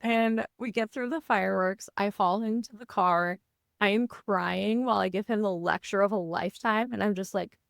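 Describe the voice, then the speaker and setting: A podcast co-host in her thirties shares a personal story in relaxed conversation, lively and acting out each exchange. Her mid-range voice is creaky at normal speed, recorded cleanly in a studio with no echo.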